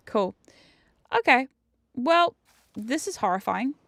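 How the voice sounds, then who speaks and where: A woman giving casual game commentary as a streamer. She gets excitable, swears often and jumps into squeals. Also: high voice, very slow, no echo. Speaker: VTuber streamer.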